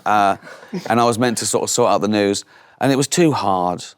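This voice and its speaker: A man's voice: on the low side, normal speed, smooth, no room sound, clean studio sound. A man, telling anecdotes in a casual chat and acting out other people's voices. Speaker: guest comedian.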